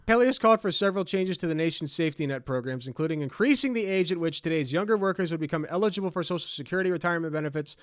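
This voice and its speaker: A sarcastic, profane man reacting to clips and ranting about them. His voice sits high for a man. The sound is dry and close, with no room around it. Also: expressive, racing, few pauses, no room sound. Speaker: political commentator. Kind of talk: reaction commentary.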